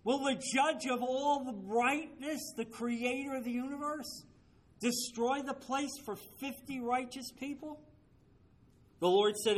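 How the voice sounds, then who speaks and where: High-voiced man teaching Bible study. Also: a little slow. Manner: emphatic, asks listeners rhetorical questions.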